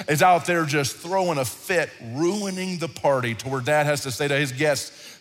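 A man preaching a sermon in a conversational, animated style, often repeating himself. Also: fairly high pitch, normal speed. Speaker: pastor. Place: large hall, church service. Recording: reverberant hall with faint music.

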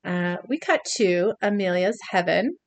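Speaking a little slowly in a low, expressive voice, a young woman reads scenes aloud while recapping an episode on her podcast. She often laughs and breaks off, captured in a dry recording.

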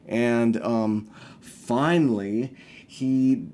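A man's voice: mid-range voice, very slow, a little mellow. A young man telling a story in a casual, heated ramble, swearing constantly and griping about the people around him.

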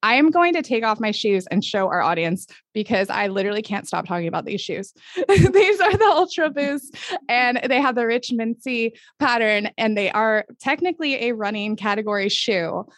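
A woman hosting a podcast interview, gushing and enthusiastic, talking in quick bursts with frequent laughs. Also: mid-range voice, animated, fairly bright tone, no echo, clean studio sound. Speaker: podcast host. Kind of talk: upbeat casual interview.

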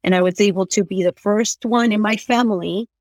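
A guest in conversation, this Argentine woman with Spanish as her mother tongue tells her story in a mid-range, slightly mellow voice. She sounds earnest and hesitant, often saying "like." The recording is dry with no room sound.

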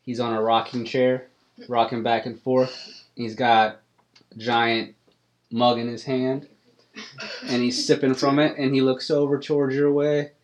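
A man narrating a tabletop game as game master, describing the scene in a relaxed way. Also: medium pitch, a little slow, pauses often, a little hiss or hum. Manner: relaxed, descriptive, second-person.

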